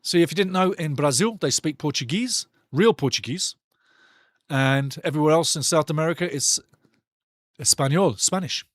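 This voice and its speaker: A man's voice: on the high side, normal speed, no room sound, studio quality. A man doing passionate live football commentary for a watch-along, mocking the referee and bantering with the chat.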